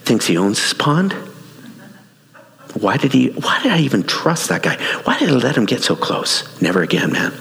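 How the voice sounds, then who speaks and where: A man's voice: medium pitch, big pitch swings, moderate pace, vocal fry, fairly bright tone. A man voicing a grumbling indignant duck. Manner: grumbling, self-righteous. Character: indignant suspicious duck with a human mind. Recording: long hall reverb.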